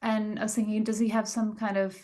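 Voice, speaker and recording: A woman's voice: medium pitch, little pitch movement, fairly quick, warm tone. Musing woman podcast co-host. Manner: thoughtful, musing, asks rhetorical questions. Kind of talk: casual chat.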